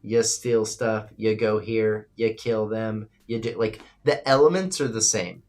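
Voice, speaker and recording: A man hosting a live stream, talking casually and with emphasis, at times swinging loud and high, and reading out chat messages. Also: unhurried. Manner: reads and answers chat. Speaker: livestream host. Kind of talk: casual livestream commentary.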